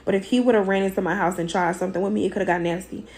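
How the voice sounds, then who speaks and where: A hoarse mother, her voice worn out, recounting a fight in a blunt, emphatic, profane way. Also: medium pitch, steady tone, rapid-fire, a little mellow. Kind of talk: casual storytelling.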